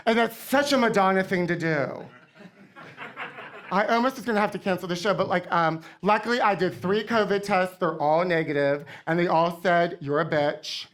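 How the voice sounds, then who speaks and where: A woman's voice: lowish voice, moderate pace, close to an everyday voice. A woman playing a brash, vain diva pop star on stage, campy and rambling, calling everyone honey. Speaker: comedy guest in character. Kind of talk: live comedy stand-up in character. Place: theater stage with live audience.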